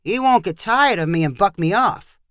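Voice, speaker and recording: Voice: medium pitch, expressive, normal speed, a bit bright, clear, resonant tone, dry recording, studio quality, natural voice. A storyteller voicing a large, nervous male tourist from Boston on his first horse ride. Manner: anxious, questioning.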